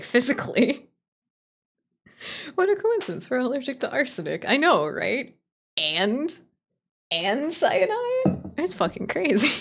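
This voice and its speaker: A woman streamer talking in a mid-range voice, casual and playful as she answers her chat. She is blunt and opinionated, and she swears heavily through her running commentary. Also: mid-range voice.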